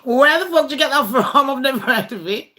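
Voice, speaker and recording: A woman's voice: sits high, lively intonation, a little fast, sharp tone. A woman hosting a casual livestream game with her viewers, blunt and foul-mouthed. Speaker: livestream host.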